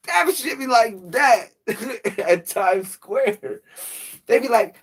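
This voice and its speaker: A man's voice: extremely high pitch, lively intonation, takes it slowly, a bit bright, slightly rough. A man telling a casual, slangy story to the camera, laughing often and jumping into quoted voices. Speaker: spiritual channel host.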